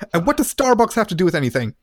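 A man's voice: high-pitched, dry recording, clean studio sound. A man in casual podcast chat who laughs easily and asks curious questions.

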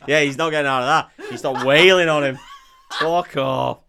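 A man's voice: fairly high pitch, normal speed, gravelly, slight background noise. A man co-hosting a podcast, joking and swearing through a casual film recap. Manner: sweary, jokey, animated. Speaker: podcast co-host.

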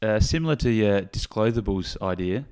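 Laid-back man, low voice. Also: normal speed, clear, resonant tone. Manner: relaxed, rambling, with frequent fillers and "reckon". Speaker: podcast co-host. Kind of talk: casual chat.

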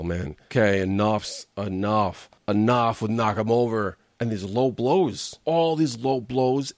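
A man's voice: on the low side, darkish tone, dry recording, clean studio sound. A man hosting a wrestling recap show, giving a blunt, sarcastic and exasperated opinion rant in a casual way. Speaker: wrestling commentary host.

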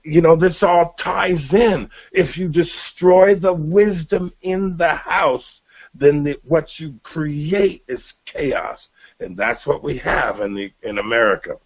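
A man's voice: a little high, slow pace, husky. Earnest middle-aged man hosting on lo-fi audio. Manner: earnest, repetitive restarts, preacherly. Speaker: radio show host. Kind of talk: emotional personal testimony and show sign-off. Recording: dull lo-fi broadcast audio.

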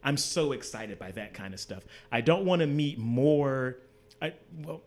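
A man's voice: medium pitch, unhurried. A man, a guest on a podcast, telling a story casually and acting out the voices of the people in it. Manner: animated storyteller, acts out dialogue with big swings in voice. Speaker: interview guest, designer.

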